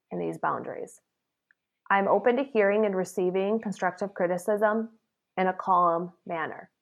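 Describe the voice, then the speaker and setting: A woman in the salon business gives an earnest motivational talk to camera, her voice sitting at an ordinary middle pitch. She speaks in a chatty, animated way, checking in with the listener through "okay?" and "right?" and acting out the lines she quotes. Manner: animated, acts out quoted remarks. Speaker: salon professional sharing advice.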